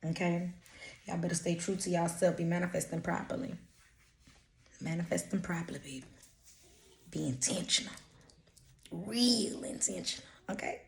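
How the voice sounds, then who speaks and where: This intuitive reader from Louisiana is blunt, using profanity and streetwise slang during a casual channeled energy reading. Her fairly low voice is creaky and moves at a normal speed, broken by long pauses, with roomy echo around it.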